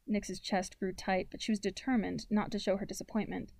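A woman narrating a young-adult story in a calm, measured way. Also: mid-range voice, creaky, dry recording, studio quality. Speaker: audiobook narrator.

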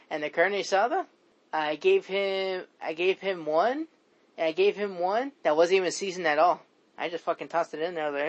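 A man's voice: high-pitched, fairly quick. A man co-hosting a podcast, telling a story with laughs and lots of swearing, on a dull lo-fi recording. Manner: laughing, profane, acts out quotes. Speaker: podcast co-host. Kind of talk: casual profane storytelling. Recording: dull lo-fi sound.

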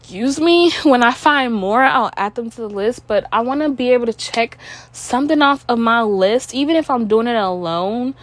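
A woman's voice: fairly high pitch, lively intonation, normal speed. A young woman with a stuffy nose hosting her own podcast, rambling in casual chat full of "like" and swearing. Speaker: podcast host.

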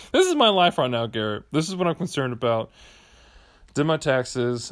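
A man's voice: mid-range voice, gravelly. Rambling, nervous man. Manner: rambling, filler-heavy, anxious and playful. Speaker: podcast co-host leaving a voicemail. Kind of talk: rambling voicemail monologue.

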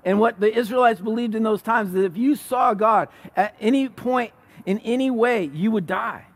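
A man preaching a sermon, retelling a story with animated, acted-out quotes and frequent restarts. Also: high-pitched, moderate pace. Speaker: pastor.

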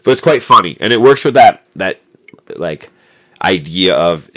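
A man co-hosting a podcast chats casually about a movie, rambling with lots of fillers and restarts, on a noisy amateur mic recording. His voice sits low and sounds animated, pushed and bright, at a slightly slow pace.

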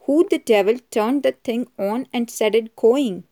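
A woman's voice: fairly high pitch, a little slow, mellow. A woman voicing a brash, blunt young man in a storybook reading.

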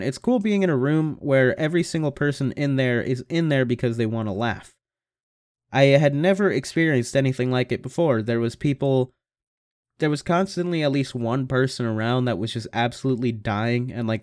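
A man's voice: mid-range voice, darkish tone, no echo, studio quality. A young man in his late teens hosting a casual solo podcast from a home mic setup, rambling and swearing with self-mocking humor. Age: young adult. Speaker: podcast host. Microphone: home computer microphone.

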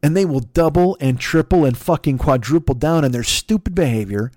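A man's voice: on the high side, lively intonation, brisk, a little mellow. A man in his fifties hosting a podcast, talking in a blunt, rambling monologue full of swearing and restarts. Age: 50s. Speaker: podcast host. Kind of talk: profane casual monologue.

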